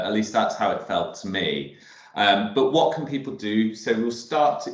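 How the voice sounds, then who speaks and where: A man hosting an online cooking workshop, talking casually and rambling with many ums and restarts while he cooks in a home kitchen on a video call. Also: lowish voice. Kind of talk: casual live cooking demo talk. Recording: roomy, dull video call audio.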